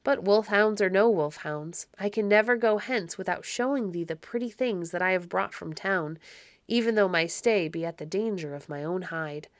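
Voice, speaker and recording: A crafty one-eyed peddler sweet-talks his way along in old-fashioned speech, read by a woman. The storybook voice sits at a middling pitch. It is recorded dry and close. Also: moderate pace, no room sound, close to an everyday voice. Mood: wheedling. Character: sly one-eyed male peddler, wheedling.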